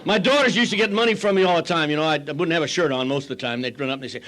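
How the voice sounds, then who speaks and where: A man's voice: fairly high pitch, expressive, very fast, few pauses, a bit bright, a little hiss or hum. An older man speaking at a recovery meeting, telling his story with wry, self-mocking humor and acting out the people he quotes. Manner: acts out quoted people in voices.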